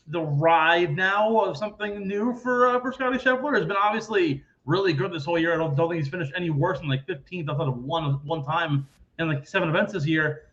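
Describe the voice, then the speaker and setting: A man's voice: on the high side, a bit bright, highs cut off. A young man hosting a casual sports podcast, telling stories in a chatty way and swearing freely. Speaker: podcast host.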